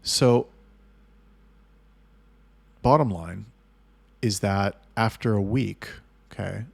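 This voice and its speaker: A man with a fairly low, gravelly voice talks through a business story in an unscripted monologue. He is blunt and swears constantly, and his voice climbs and gets louder when he replays arguments. The sound is dry and close. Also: slow, no echo. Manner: blunt, heavily profane storytelling; rising loud and heated when retelling arguments. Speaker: agency owner telling business stories. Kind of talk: casual monologue.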